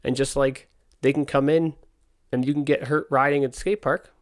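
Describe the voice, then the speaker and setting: A man's voice: mid-range voice, steady tone. Exasperated man telling a story. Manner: candid, exasperated, acts out dialogue in quick quotes. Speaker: podcast host, skate park owner. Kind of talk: casual storytelling monologue.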